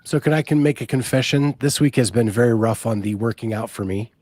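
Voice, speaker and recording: A male podcast host in casual conversation, chatty and relaxed, stopping often on ums. His voice sits at an ordinary middle pitch. The sound is dry and close, with no room around it. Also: fairly quick, dry recording. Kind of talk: casual chat and sponsor reads.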